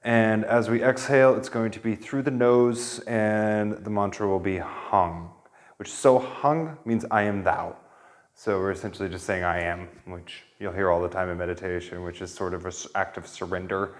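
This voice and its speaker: A man with a somewhat low voice leads a kundalini yoga class. He talks his students through breathing in a relaxed, gentle way, with an easy sense of humor. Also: normal speed. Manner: relaxed, gentle instruction with light laughter. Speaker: yoga teacher.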